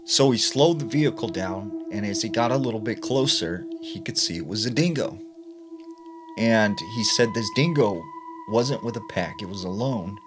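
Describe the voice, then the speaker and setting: Male storyteller, lower voice, casual and chatty, music bed underneath. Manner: chatty, many fillers like "like" and "you know". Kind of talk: casual spooky story narration. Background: background music.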